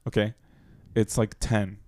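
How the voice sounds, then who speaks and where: Rambling young man, low dry voice. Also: flat delivery, a little slow, a little mellow, no room sound. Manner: rambling, filler-heavy, apologetic, laughs often. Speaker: podcast co-host. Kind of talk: casual couple chat.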